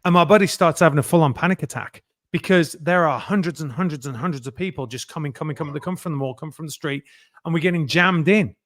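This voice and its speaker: A man's voice: fairly high pitch, fast talker, dry recording. Dry-voiced storyteller, middle-aged man. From England. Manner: animated anecdotes, acting out other people's lines. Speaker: guest. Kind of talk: casual interview storytelling.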